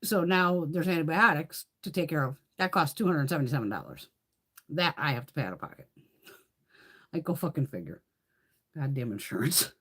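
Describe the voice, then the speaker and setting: Woman, beauty livestream host, casual chit-chat, profane, laughing, animated pitch. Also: fairly quick, long pauses, husky. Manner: rambling, profane, laughs often.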